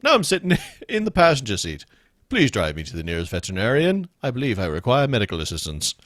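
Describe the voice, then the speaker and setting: A man voicing a polite, deadpan male deer that has just been hit by a car, as a comedic podcast bit. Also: mid-range voice, fast talker, no echo, clean studio sound. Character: dazed male deer, oddly polite and calm.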